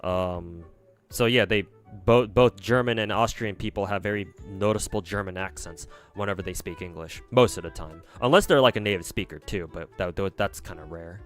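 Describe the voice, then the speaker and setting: A man's voice: deep voice, moderate pace, a bit bright, soft background music. A man with an American accent, chatting casually on a livestream and answering viewers in a rambling, hesitant way with frequent restarts and casual swearing. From United States. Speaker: streamer.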